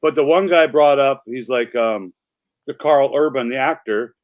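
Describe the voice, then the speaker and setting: Casual male streamer, mid-pitch, loose and rambling with filler words. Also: moderate pace, no echo. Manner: rambling, chatty, full of "like". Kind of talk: casual chat.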